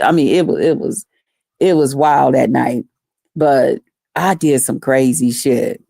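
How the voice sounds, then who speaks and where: Animated, profane woman telling a story. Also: a bass voice, a little slow, vocal fry, dry recording, clean studio sound. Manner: animated, profane, talks to her viewers directly. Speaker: vlogger. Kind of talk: casual storytime.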